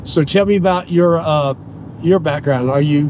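Older man, Southern accent, chatty and playful, fairly high voice, noisy car interior. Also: normal speed, darkish tone. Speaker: rideshare driver and podcast host. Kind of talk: casual chat. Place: inside a car.

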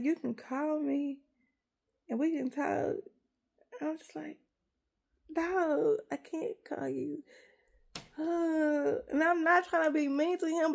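High gravelly woman close to tears. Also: darkish tone. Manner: emotional, on the verge of tears, rambling with repeated words. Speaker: vlogger. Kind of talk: casual confessional chat to viewers.

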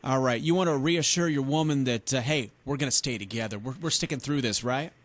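A man hosting a late-night radio dedication show from the studio, with smooth, steady on-air patter. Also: medium pitch, brisk, slight background noise.

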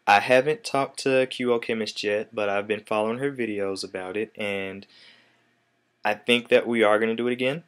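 A man's voice: fairly low pitch, moderate pace, clean tone. A young man in his twenties giving a casual, rambling vlog update to his viewers. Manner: relaxed, rambling with fillers. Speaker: vlogger.

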